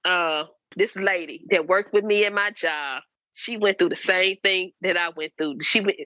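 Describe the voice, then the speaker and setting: A woman's voice: mid-range voice, pushed and bright, no room sound. A woman in her fifties telling her life story to her daughter, in an earnest, repetitive manner that sometimes turns preachy. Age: 50s. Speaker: guest, host's mother. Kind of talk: candid personal storytelling. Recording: dry, slightly dull lo-fi sound.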